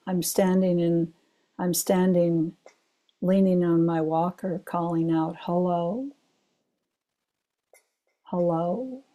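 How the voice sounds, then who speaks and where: An older woman gives a dharma talk, weaving in personal stories with gentle laughs along the way. Her voice sits fairly low and sounds warm and soft. She talks slowly and takes her time. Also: level tone. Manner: unhurried storytelling with gentle laughs. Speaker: Zen teacher giving a talk.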